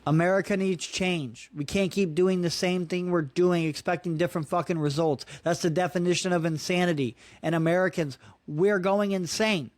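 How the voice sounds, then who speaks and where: A man's voice: high voice, steady tone, brisk, few pauses, no room sound. A man in his thirties hosting a solo podcast, ranting in a casual, profane, frustrated way and peppering his talk with "dude" and "man". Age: 30s. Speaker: podcast host.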